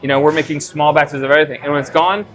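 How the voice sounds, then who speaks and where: A man with an American Midwest accent talks as the owner and head brewer of a small brewery. He tells stories casually and unscripted, his sentences halting and full of fillers and restarts. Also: a little high, steady tone, fairly bright tone. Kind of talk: casual conversational storytelling.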